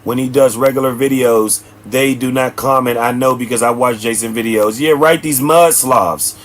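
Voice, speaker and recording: A man's voice: mid-range voice, fairly even intonation, moderate pace. A man, hosting a livestream and preaching bluntly at his chat. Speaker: livestream host. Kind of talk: ranting livestream commentary. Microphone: streaming setup mic.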